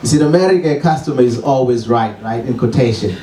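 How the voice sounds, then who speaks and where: A man's voice: mid-range voice, fast, warm tone, echoey room, slight background noise. A man with a Zimbabwean accent performs wry, self-mocking stand-up at a small open mic. His voice is picked up from some distance and rings around the room. He chuckles now and then at his own lines. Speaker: stand-up comedian. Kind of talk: stand-up set.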